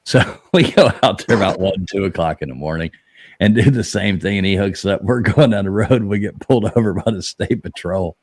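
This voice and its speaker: Deep-voiced joking podcast host. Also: male voice, brisk, breathy edge. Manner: loose, profane, joking. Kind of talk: casual chat.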